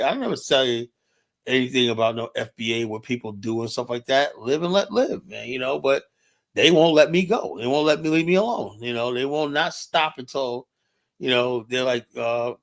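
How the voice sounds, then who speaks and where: A man hosting a livestream panel, venting in a long, profane, rambling rant full of "you know?" tags. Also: medium pitch. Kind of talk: heated panel debate.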